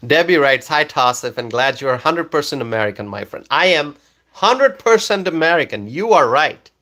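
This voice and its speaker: Lively, high-pitched livestream host man. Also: unhurried. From Bangladesh. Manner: animated, repeats questions, laughs often. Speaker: livestream host reading chat. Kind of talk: live stream chat reading.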